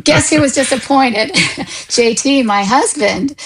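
A woman's voice: high voice, takes it slowly, a loud crowd, rough recording. A woman, a guest author, chatting on a talk show, laughing as she talks. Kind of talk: casual radio talk.

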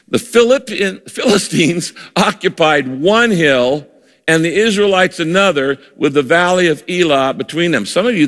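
A man preaching a sermon to a congregation, emphatic, slowing down at times to drive home his points. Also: mid-range voice, long reverb tail. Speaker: pastor.

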